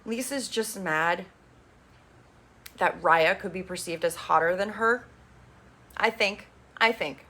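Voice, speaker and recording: A woman hosts a casual recap of a reality dating show, with a bright, forceful voice. She talks in a chatty, opinionated way and swears casually as she goes. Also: fairly low pitch, fairly even intonation, slow pace, long pauses.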